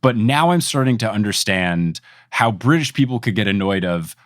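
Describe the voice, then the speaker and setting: A young man from New Jersey hosts a casual podcast chat. His voice sits low but swings widely in pitch as he laughs and slips into high put-on voices. The sound is dry and close. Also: lively intonation, moderate pace, fairly bright tone, no echo. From New Jersey, USA. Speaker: podcast host.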